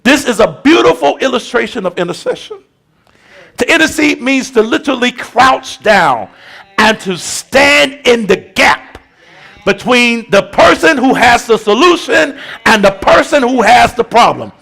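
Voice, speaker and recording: Gravelly, fiery preacher man. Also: very high-pitched, big pitch swings, unhurried. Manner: shouting, rhythmic preaching with colloquial asides. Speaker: bishop preaching. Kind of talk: sermon.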